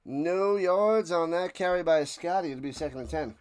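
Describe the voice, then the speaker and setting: A man streaming a live watch-along, rambling between plays and shouting out big plays. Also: fairly high pitch, moderate pace, clear, resonant tone. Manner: rambling chatter with sudden shouted play calls.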